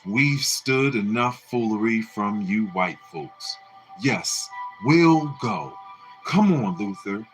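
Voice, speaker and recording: Man voicing a booming, defiant woman cook, storybook reading. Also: expressive, extremely slow, a bit bright, faint music behind. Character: belligerent heavyset Black woman cook, fed up.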